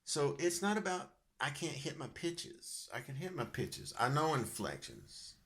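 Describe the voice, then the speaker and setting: Jokey guy rambling slowly on a vlog, bright voice, dry recording. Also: fairly high pitch, very animated, slightly rough, no room sound. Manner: rambling, jokey, many fillers. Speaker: vlogger and singer.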